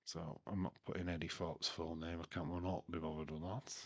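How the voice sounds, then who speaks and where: A man's voice: sits low, level tone, fairly quick, husky. A man hosting a live watch-along stream, chatting casually, laughing and making puns. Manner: chatty and jokey, laughing at his own puns. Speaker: livestream host.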